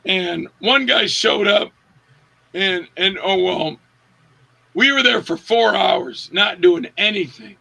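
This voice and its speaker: A man's voice: high voice, slow pace, vocal fry. A man, an actor being interviewed, telling set stories in a casual way and acting out the quotes with a raised voice. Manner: animated, acts out quotes with raised voice. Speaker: actor guest.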